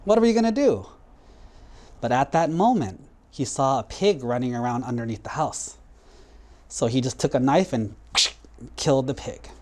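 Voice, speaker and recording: A man's voice: medium pitch, moderate pace, a little mellow. A man, a Buddhist monk, telling a moral story to children in a casual, conversational way. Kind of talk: storytelling sermon for kids.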